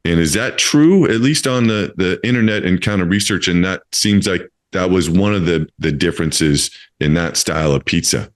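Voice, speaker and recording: A man in his fifties hosts a relaxed interview with a notably low voice. He rambles, doubles back on his words and fills pauses with uhs and ums as he chats. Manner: rambling, many fillers and restarts. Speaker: podcast host. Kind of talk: casual interview chat.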